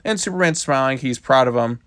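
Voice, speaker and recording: A man talks through a comic book review in a loose, casual way, stringing the story together with frequent "like" fillers. His voice sits at an ordinary middle pitch. The recording is close and dry with no room sound. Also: fairly quick, a bit bright, smooth, no room sound. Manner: loose retelling with many "like" fillers.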